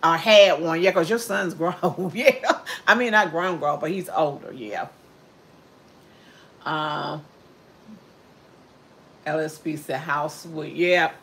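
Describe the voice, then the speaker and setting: A woman's voice: low voice, slow pace, pauses often, fairly bright tone, slight background noise. Chatty older woman livestreaming. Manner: chatty, heartfelt, reads out viewer comments. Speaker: cooking livestreamer. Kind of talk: casual chat.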